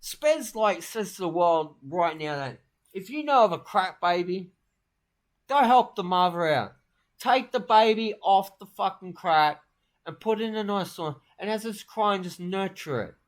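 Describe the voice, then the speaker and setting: A man, rambling through crude, boastful comic tall tales. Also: high-pitched. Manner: brash, crude, rambling, fast-talking boasts.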